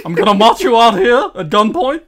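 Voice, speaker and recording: A man's voice: extremely high pitch, very animated, a little fast, fairly bright tone, a little hiss or hum, pitched above the performer's own voice, exaggerated voice. A man voicing a smug male bear holding a group at gunpoint. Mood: threatening. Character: gun-toting male bear, Yogi, smug and threatening.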